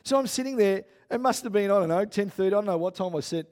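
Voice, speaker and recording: A man, a pastor preaching a sermon in a chatty storytelling way that grows loud and worked up. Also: sits high, fast talker.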